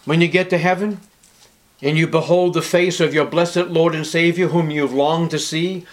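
A man's voice: steady tone, normal speed. Emphatic man preaching a sermon. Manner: emphatic preaching, rising loud on key words and dropping low and soft. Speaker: pastor.

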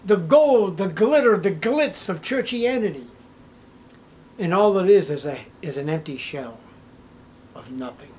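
High-voiced, emphatic male preacher. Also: lively intonation, unhurried, pauses often, low-quality recording. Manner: emphatic, swings from hushed to raised. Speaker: pastor. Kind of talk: sermon.

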